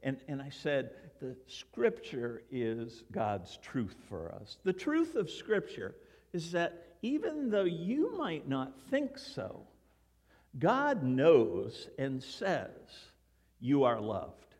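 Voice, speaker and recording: Animated older pastor in a reverberant hall. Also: male voice, mid-range voice, slow pace. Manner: storytelling, animated, acts out quoted voices. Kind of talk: sermon. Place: church sanctuary.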